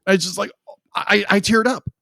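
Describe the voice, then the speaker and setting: A man's voice: high voice, steady tone, normal speed, fairly bright tone, no room sound. A young man co-hosting a podcast, gushing emotionally about a film in casual chat and repeating himself often. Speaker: podcast co-host.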